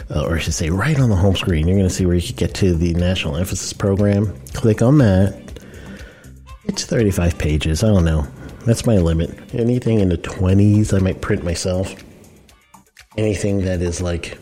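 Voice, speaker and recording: Deep, mellow-voiced man explaining casually. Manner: conversational, loose, with fillers and self-corrections. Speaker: podcast host on workplace safety compliance.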